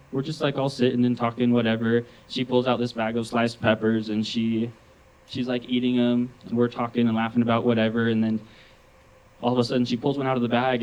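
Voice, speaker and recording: A man's voice: mid-range voice, darkish tone, lo-fi sound. A man doing stand-up comedy in a club. He rambles through his stories, chuckles often and says "like" a lot. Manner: rambling, chuckles often, heavy use of 'like'.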